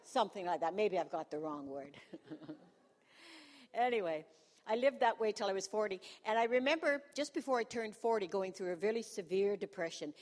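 A woman's voice: mid-range voice, normal speed. A woman in her sixties, a pastor's wife, telling a humorous personal testimony to a congregation in a self-mocking, storytelling manner, in a church hall.

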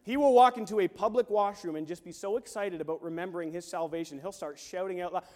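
A high-voiced man preaching in a big space with a long reverb trailing each line. He tells a story, drops to a hush and then bursts into shouts. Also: quick pace. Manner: animated, swings from hushed to shouting. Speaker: pastor. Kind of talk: sermon with storytelling.

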